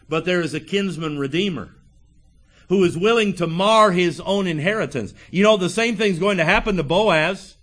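A man preaching a sermon, reading scripture and acting out the characters' lines with emphatic pauses. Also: sits high, fairly bright tone. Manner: earnest preaching with emphatic pauses, acts out quotes; reads scripture in old-fashioned wording.

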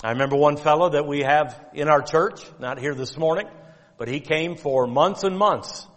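A male pastor preaching a sermon with emphatic, drawn-out stress on key words and quotes of King James scripture. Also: a little high, fairly bright tone. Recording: long reverb of a church hall.

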